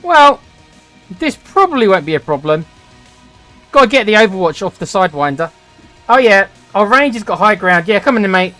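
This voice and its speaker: A man in his forties talks through his strategy game as he plays, griping and sarcastic whenever a shot goes wrong. His voice sits high for a man, with faint game music under it. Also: very animated, moderate pace, long pauses, sharp tone. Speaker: gaming channel host. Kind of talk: let's-play commentary.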